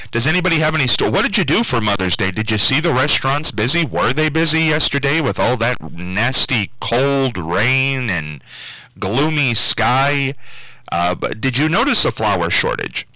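Rambling bright-voiced radio host, dry sound. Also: male voice, medium pitch, very animated, moderate pace, dry recording, low-quality recording. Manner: rambling, full of fillers and restarts. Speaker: local radio talk show host. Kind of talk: casual call-in radio talk.

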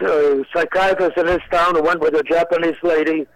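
An older man, a comedian guest on a radio talk show, telling rambling anecdotes with deadpan punchlines. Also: fairly high pitch, a little fast, rough recording. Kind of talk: storytelling interview chat.

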